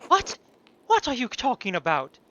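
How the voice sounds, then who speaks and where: Man voicing a noblewoman, indignant, swooping lively pitch, bright tone. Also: normal speed, muffled recording, a little hiss or hum, heavily acted. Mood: shocked. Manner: indignant, wounded protests. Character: scandalized noblewoman hiding an affair.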